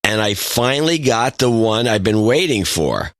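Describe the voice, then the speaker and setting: A man's voice: lowish voice, very animated, moderate pace, no echo, clean studio sound. A man co-hosting a podcast, telling stories in a casual, wry way. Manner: storytelling, wry. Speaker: podcast co-host. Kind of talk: casual chat.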